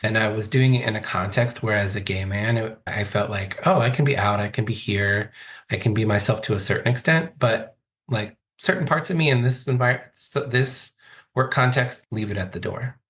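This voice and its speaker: A man's voice: on the low side, moderate pace, a bit bright. A man in his forties, a coach, telling his life story as a podcast guest in a thoughtful, earnest way. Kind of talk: reflective interview talk.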